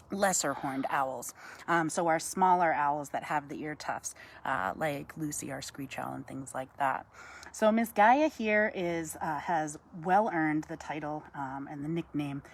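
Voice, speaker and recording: A woman, giving a chatty live-stream talk outdoors, greeting viewers by name and cooing softly to an owl. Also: low voice, animated, measured pace. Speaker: wildlife educator.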